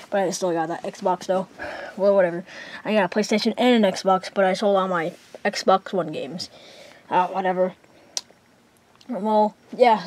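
A woman's voice: medium pitch, darkish tone. A woman narrating and voicing characters in a casual homemade toy skit, rambling with many fillers.

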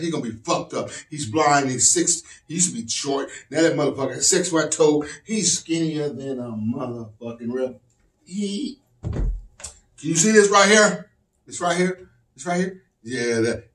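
A man doing stand-up comedy, loud and profane, often shouting. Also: fairly high pitch, expressive, normal speed. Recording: echoey room from distant mic.

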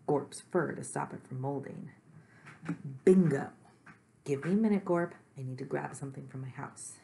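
A woman reading a children's chapter book aloud, gently and slowly, adding chatty asides to her listeners and at times dropping to a whisper. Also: very deep voice, gravelly, a little hiss or hum. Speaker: reader. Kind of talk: storybook read-aloud for children.

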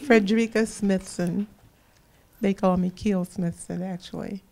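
A woman's voice: medium pitch, steady tone, a little slow, background noise. A woman in her eighties from Missouri in the US, speaking briefly and a bit hesitantly. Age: 80s.

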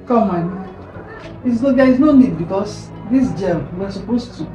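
A Nigerian woman vlogging at home, softly coaxing her child as she fixes its hair. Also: mid-range voice, expressive, unhurried, echoey room, muffled recording, soft background music. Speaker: vlogger mother. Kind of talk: casual family vlog.

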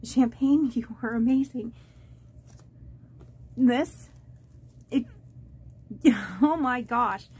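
A budgeting vlogger opens fan mail on camera in a breathy, high, slightly mellow voice. Her casual unboxing chat is halting and rambling, full of fillers and restarts, and she gushes and is easily moved.

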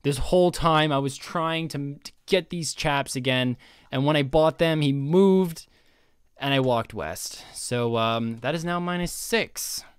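A man's voice: fairly high pitch, unhurried, smooth, no room sound. A man giving casual, sweary gameplay commentary and scolding himself for mistakes. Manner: self-scolding, swearing, jumpy. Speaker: guest gamer.

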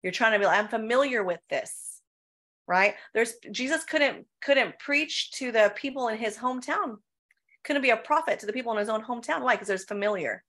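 A woman's voice: a little high, brisk, a bit bright. A woman pastor of Filipino heritage, preaching in a church Q&A with emphatic rhetorical questions, often saying "right?" and "come on.". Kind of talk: preaching in a Q&A session.

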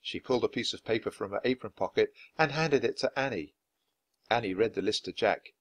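A man reading a children's chapter book aloud at a clear, natural pace for language learners. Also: on the low side, a little fast. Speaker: storyteller.

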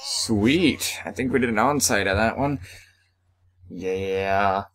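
Young man, let's play host, low-pitched voice, casual gameplay commentary, playful outbursts. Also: animated, slow pace, vocal fry. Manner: reads game text aloud, playful exclamations.

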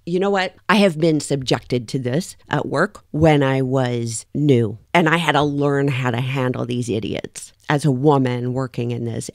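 A woman's voice: very deep voice, a little mellow, no room sound, clean studio sound. A middle-aged woman hosting a reaction video, commenting on trial footage in an indignant, emphatic rant.

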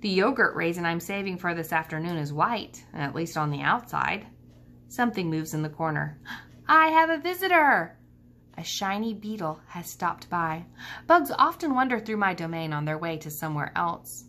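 A woman teacher reading a children's book aloud to students, telling the story in a calm, steady way. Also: lowish voice, moderate pace.

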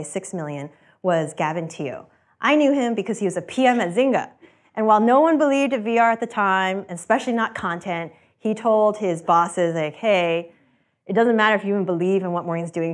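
A woman founder giving a conversational talk to students, telling lively stories, acting out quoted exchanges and laughing often. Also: fairly low pitch.

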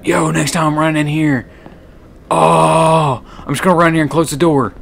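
A young man with a bright voice, playing a horror game and narrating aloud. He shouts in fright, mutters to himself, and talks close to a desk mic at home. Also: fairly high pitch, flat delivery, moderate pace, creaky. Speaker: gaming YouTuber.

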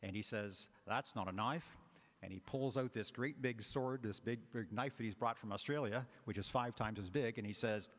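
A man's voice: on the low side, normal speed, few pauses. A man preaching a homily as a priest, talking in a conversational way with fillers and asides. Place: large church. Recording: long church reverb.

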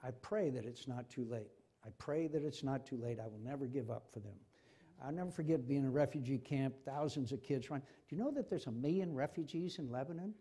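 A man's voice: mid-range voice, a little fast, dark tone, breathy edge. An older man, a senator, speaking with passion in a forum conversation and repeating himself when stirred. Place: university forum hall.

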